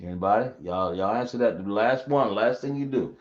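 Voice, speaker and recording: A Hebrew teacher with a fairly low voice speaks briskly yet with a drawl, correcting himself and quizzing the class. The room sounds echoey and dull.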